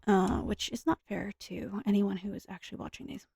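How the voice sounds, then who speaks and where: Give me a tired woman drifting through casual game commentary in a soft, mellow voice, with quiet self-deprecating asides. A gravelly fry runs under her words, and her tone has a husky edge. She rambles at an easy pace. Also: medium pitch, steady tone, brisk, dry recording, clean studio sound. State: tired, speaking softer and lower. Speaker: gaming streamer.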